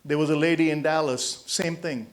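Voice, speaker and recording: A man in his sixties from India giving a motivational talk to hospital staff, an emphatic storyteller who swings between loud punchlines and quiet asides. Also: on the high side, fairly even intonation, normal speed. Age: 60s. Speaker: motivational speaker.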